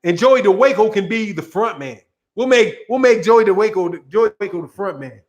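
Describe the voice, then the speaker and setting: A man with a high voice rants about boxing in a loose, casual way. He rambles and repeats himself, and his sarcasm keeps breaking into laughter. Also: lively intonation, normal speed. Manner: sarcastic, mocking. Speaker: boxing channel host.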